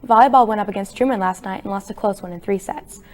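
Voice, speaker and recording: A teenage girl co-anchors a school sports segment, reading her script quickly. Her delivery is brisk and upbeat, with a mid-range voice. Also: medium pitch, a little mellow. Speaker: student news anchor.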